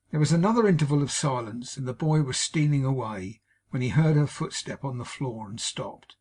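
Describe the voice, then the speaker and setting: A man narrating a classic novel as an audiobook in a measured, solemn reading. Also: mid-range voice, lively intonation, a little mellow, husky.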